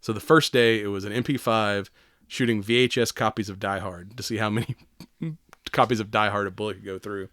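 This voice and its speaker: A man's voice: on the low side, fairly even intonation, brisk, fairly bright tone, dry recording, clean studio sound. A man co-hosting a casual podcast chat, laughing often, swearing freely and acting out quotes. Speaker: podcast co-host.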